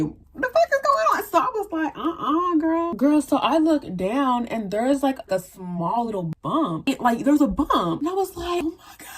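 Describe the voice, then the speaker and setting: A young woman telling a storytime vlog, animated and profane, squealing into high voices for quoted lines. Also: a little hiss or hum.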